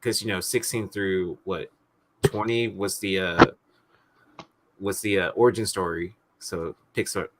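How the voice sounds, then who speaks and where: A man co-hosting a casual livestream chat, halting and searching for his words as he talks. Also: sits low, fairly even intonation, noisy background.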